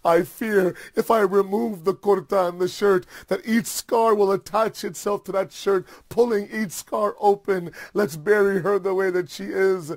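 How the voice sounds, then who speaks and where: Man doing a sorrowful young man in a sermon story: earnest, grave, with a raspy edge. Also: high-pitched, steady tone, unhurried, few pauses, voice pushed up.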